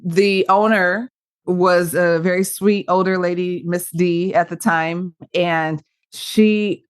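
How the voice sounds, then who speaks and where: Lively, laughing woman radio broadcaster. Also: lowish voice, clean tone. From Michigan. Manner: animated, laughs often, brisk storytelling. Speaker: podcast guest, radio broadcaster. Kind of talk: casual interview chat.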